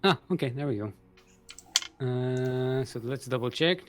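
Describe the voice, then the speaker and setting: A man's voice: medium pitch, a little slow, music in the background. A man casting a live strategy-game match with a playful, joking manner. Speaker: esports caster.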